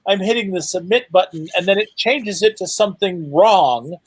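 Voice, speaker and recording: A man's voice: sits high, expressive, normal speed, breathy edge, dry recording. A man chats as a guest author, stumbling over repeated words before landing dry jokes. His voice sounds dry and close to the mic. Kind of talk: casual chat.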